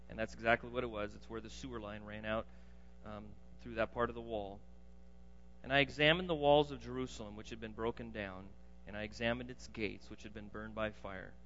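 A man preaching a sermon, swinging between loud emphatic bursts and quiet low asides. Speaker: pastor. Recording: dull lo-fi sound in a reverberant hall.

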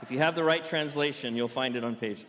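A man preaching a sermon to a congregation in a playful, animated storytelling way. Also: mid-range voice, fast talker, in a large hall, slight background noise. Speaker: pastor. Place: church sanctuary.

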